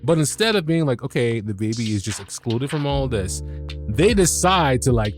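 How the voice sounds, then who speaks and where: A man hosting a review podcast, talking in a loose and animated way. He swears freely, stumbles over restarts and fillers, and has a middle-pitched voice with faint music underneath. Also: normal speed. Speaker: podcast host. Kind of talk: casual episode recap.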